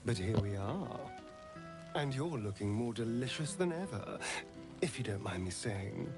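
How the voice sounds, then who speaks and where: An actor playing a smug, flirtatious vampire man in a video game, full of silky, teasing flattery. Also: lowish voice, measured pace, music in the background.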